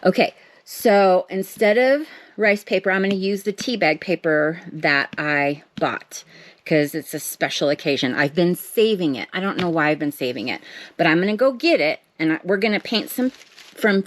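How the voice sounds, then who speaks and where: A woman's voice: fairly low pitch, lively intonation, moderate pace, no room sound. A woman chatting to camera from her home art table, rambling and self-deprecating with lots of fillers. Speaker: art vlogger. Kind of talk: casual chat to camera.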